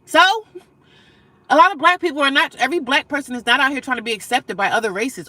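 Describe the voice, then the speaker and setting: A woman livestreaming, reading and answering chat comments in a blunt, profane, animated way and laughing often. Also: fairly high pitch, quick pace, no room sound.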